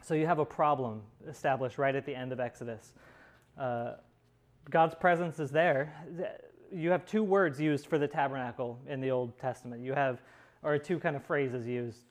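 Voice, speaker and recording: A man teaching a Bible study class in a conversational way, with many pauses and restarts. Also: mid-range voice.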